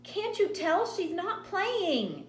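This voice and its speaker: A woman voicing a frightened little girl who is crying and begging, in a high, shrill voice. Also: sing-song, slow pace, reverberant, slight background noise, heavily acted. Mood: sobbing, pleading.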